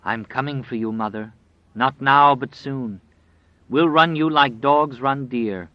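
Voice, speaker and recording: A man's voice: mid-range voice, a little slow, no echo, voice pushed up, close to an everyday voice. A man voicing a menacing, boastful demonic wolf that taunts an old woman in an audiobook. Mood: taunting. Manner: taunting, gloating. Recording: dry, slightly dull recording.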